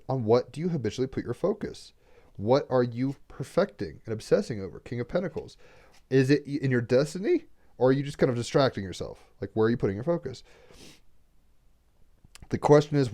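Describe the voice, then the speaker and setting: A man's voice: mid-range voice, mellow. A man doing a casual tarot card reading, rambling and getting emotional as he talks, swearing freely.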